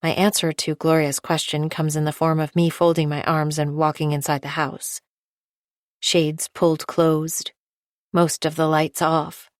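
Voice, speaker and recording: A woman reading a first-person thriller audiobook in a measured, low-key way. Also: little pitch movement, dry recording, clean studio sound. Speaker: audiobook narrator. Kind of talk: scripted first-person narration.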